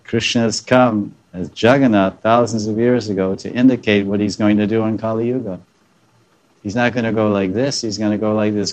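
A man with a slightly low voice delivers a devotional lecture as a spiritual teacher. He chuckles at his own jokes and slips into dramatized voices when quoting others. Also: fairly even intonation, normal speed.

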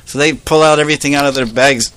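A man telling a devotional story as a sermon, animated and playful, laughing often and adding joking asides. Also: fairly high pitch, quick pace.

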